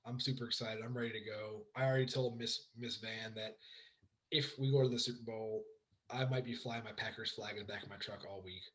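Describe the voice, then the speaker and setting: An excited young man talks football with a friend on a casual podcast. His voice is a bit hoarse, and he rambles through fillers and restarts, lowering his volume as he trails off. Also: brisk, a little hiss or hum, poor audio. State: hoarse from shouting. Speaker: podcast co-host. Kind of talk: casual sports chat.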